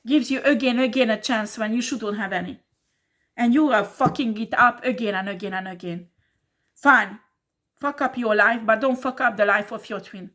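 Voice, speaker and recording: A woman tarot reader delivers a blunt, scolding monologue, full of swearing. Her voice sits fairly high, and her English has non-native phrasing. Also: normal speed, fairly bright tone.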